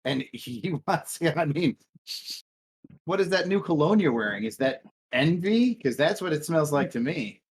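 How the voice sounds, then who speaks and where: A man's voice: on the high side, animated, measured pace, slight background noise. A man co-hosting a podcast in casual crude, sarcastic banter. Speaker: podcast co-host. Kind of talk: casual chat.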